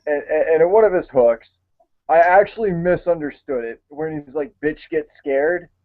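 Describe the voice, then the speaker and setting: A man hosts a loose conversation, speaking hesitantly with small fillers and restarts. His voice sits slightly high. The sound is thin and tinny, like a phone line. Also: expressive, normal speed. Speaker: show host. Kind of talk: casual chat.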